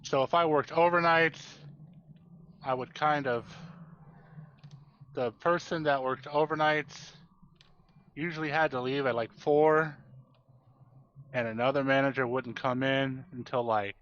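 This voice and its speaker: A man's voice: medium pitch, fairly even intonation, a little slow, pauses often, fairly bright tone, highs cut off, a little hiss or hum. A young man chatting on a live game stream, telling a story and acting out the exchanges he quotes. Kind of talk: casual chat while gaming.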